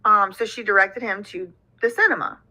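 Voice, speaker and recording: A woman's mid-range voice comes across bright and forceful at a moderate pace, on a rough recording. As a reaction channel host, she conversationally reads a document aloud and remarks on it, filling her speech with fillers.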